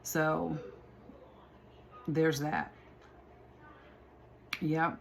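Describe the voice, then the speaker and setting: A woman chats through a casual tarot reading, calling her viewers y'all and laughing often. Her voice sits very low. A faint hiss runs beneath the recording. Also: little pitch movement, drawn-out words, vocal fry. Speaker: tarot reader.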